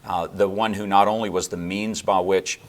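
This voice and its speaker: A man with a very low voice explains church history and doctrine in a measured, lecturing way. He pauses with fillers and restarts as he thinks, building long explanations. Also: steady tone. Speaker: theologian guest. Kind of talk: explanatory interview answers.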